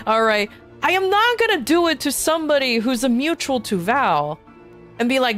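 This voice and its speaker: A woman's voice: high-pitched, big pitch swings, normal speed, a bit bright, soft background music. A young adult woman streaming games, chatting casually, swearing freely and laughing often. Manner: blunt, swears freely, laughs often, mocks others in put-on voices. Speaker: VTuber streamer. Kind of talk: casual gaming stream chat.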